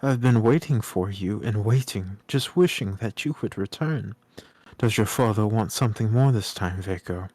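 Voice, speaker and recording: A man's voice: fairly low pitch, moderate pace, darkish tone, dry recording, natural voice. A man voicing a sweet, gracious little female mouse princess while reading a storybook aloud. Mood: gentle.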